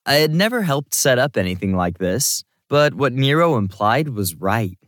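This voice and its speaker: A man reading a first-person story aloud as an audiobook narrator, in a lively, wry storytelling manner. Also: mid-range voice, moderate pace, no echo, clean studio sound.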